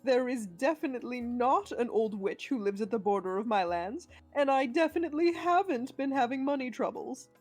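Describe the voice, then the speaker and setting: A snooty, cursed noble patrician, voiced by a woman on a game stream, the voice sitting high and delivering every pointed denial in a prim, mock-posh drawl. Faint music plays underneath. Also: lively intonation, moderate pace, hardly any pauses, a little mellow. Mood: pointedly denying. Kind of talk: improvised voice acting during a game stream.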